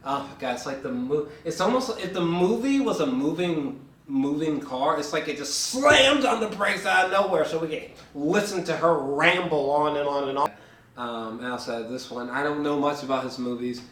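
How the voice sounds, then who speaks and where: A man's voice: a little high, animated, normal speed, a bit bright, echoey room, slight background noise. A man giving a casual, profane movie reaction review, laughing often as he rants.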